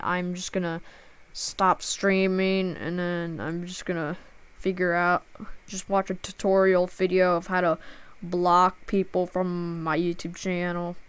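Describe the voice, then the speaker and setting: A woman's voice: lowish voice, a bit bright, clear, resonant tone, dry recording. A woman streaming a game live, upset and close to tears, talking in stammering restarts with a plaintive tone.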